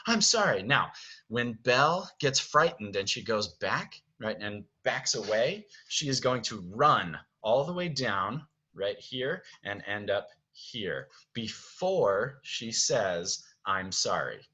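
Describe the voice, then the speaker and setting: A man's voice: mid-range voice, animated, takes it slowly, bright, forceful tone, slightly rough, muffled recording. A man directing actors from home, explaining stage blocking in a chatty way, often checking in with "okay?". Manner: chatty, keeps checking with "okay?", sings music cues. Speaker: theater director.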